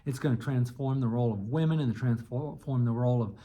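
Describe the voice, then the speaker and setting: A man's voice: medium pitch, fairly quick, mellow. Man giving a casual history lecture. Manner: conversational, many fillers and restarts. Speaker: history teacher. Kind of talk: unscripted recorded lecture.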